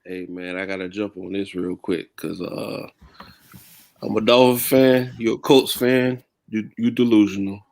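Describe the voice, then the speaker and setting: A man's voice: on the low side, steady tone, unhurried, gravelly, a little mellow. A man joining a casual sports podcast, teasing the others bluntly and talking trash. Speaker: podcast guest, Dolphins fan.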